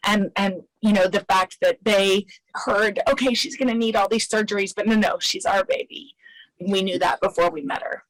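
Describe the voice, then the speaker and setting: A woman's voice: medium pitch, fairly even intonation, moderate pace, dry recording, low-quality recording. Sympathetic woman host, dry sound. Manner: sympathetic, soft prompts. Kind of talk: interviewing.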